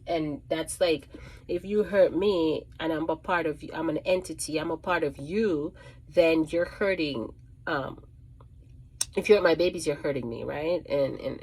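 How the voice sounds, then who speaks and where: Low-voiced woman rambling a storytime. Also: measured pace, darkish tone, husky. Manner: rambling, restarts and repeats phrases, many ums. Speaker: psychic medium. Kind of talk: casual storytime monologue.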